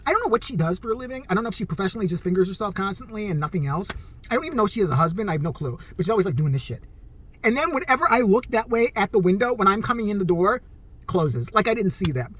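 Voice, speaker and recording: A man's voice: high-pitched, rapid-fire. A man telling a profane, comedic rant about his day in a casual vlog. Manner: animated, profane, storytelling. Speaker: vlogger.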